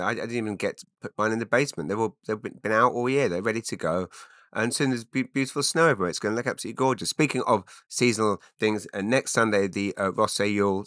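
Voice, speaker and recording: Host, man, 40s, low bright voice, dry close sound; rambling, wry, keeps cutting himself off. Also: no room sound. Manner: rambling, self-interrupting, wry asides. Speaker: podcast host. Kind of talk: rambling solo podcast.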